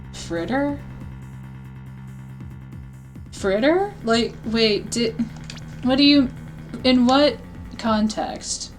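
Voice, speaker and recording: A young woman streaming a game, reacting with playful quick asides, on a webcam mic. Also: a little high. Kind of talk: casual let's-play commentary.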